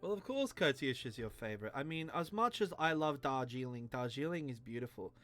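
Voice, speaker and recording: A man's voice: mid-range voice, animated, brisk, a bit bright, soft background music. A tipsy man hosting a let's play, rambling, joking, and swearing as he comments on a game.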